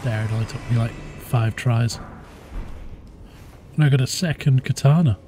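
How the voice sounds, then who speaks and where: A man streaming a game live, chatting casually with viewers in a low-key, easygoing way. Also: normal speed, background noise. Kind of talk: casual live-stream chat while gaming. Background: game music.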